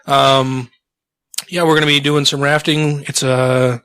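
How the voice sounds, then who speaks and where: A man's voice: mid-range voice, little pitch movement, measured pace, sharp tone, smooth, no room sound. A man co-hosting a podcast in casual chat, joking and swearing, his voice slightly strained. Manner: loose, profane, chuckling. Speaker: podcast co-host.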